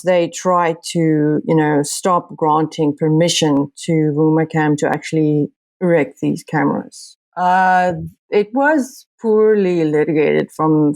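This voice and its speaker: An earnest woman, speaking slightly low as she works through her answers. She restarts often while searching for the right words. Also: darkish tone. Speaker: journalist guest. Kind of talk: podcast interview.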